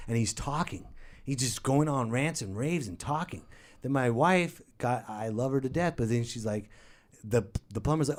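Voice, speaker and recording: A man hosting a podcast, telling a comic story as an exasperated rant that breaks into yelling, close to a studio microphone. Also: medium pitch, moderate pace. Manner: exasperated, animated, bursts into yelling. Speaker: podcast host.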